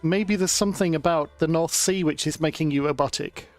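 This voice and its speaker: Man, a bit high-pitched, jokey banter, online call. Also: brisk, soft background music. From East Yorkshire, England. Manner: playful, jokey asides. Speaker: co-host streamer. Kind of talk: casual stream chat.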